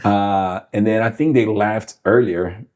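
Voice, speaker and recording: A man in his forties from Brazil with a Brazilian Portuguese accent, chatting as an interview guest, halting with many fillers and restarts. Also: lowish voice, a little mellow. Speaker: guest musician. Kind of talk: casual interview chat.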